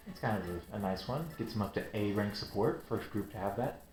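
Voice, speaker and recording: A man's voice: lowish voice, a little fast, darkish tone. A man hosting a game playthrough, giving wry, offhand commentary. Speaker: let's play host. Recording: roomy with game music.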